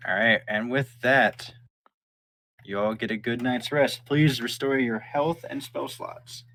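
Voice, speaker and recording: A man narrating as game master in a relaxed, chatty way, voicing the people the players meet. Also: mid-range voice, slow.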